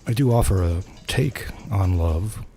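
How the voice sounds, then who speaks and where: A man's voice: low voice, a little slow, warm tone, soft background music. An older man hosting a comedy podcast, chatting hesitantly and with self-deprecating humor. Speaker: host. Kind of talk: casual comedy banter.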